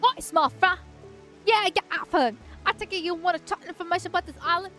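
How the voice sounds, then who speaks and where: A talking fish from an adventure game, male, chatty and pushy, throwing out tips in loud slangy bursts, as a woman puts him on. His voice sits high and bright above her own, with a faint music bed behind. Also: brisk. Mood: brash.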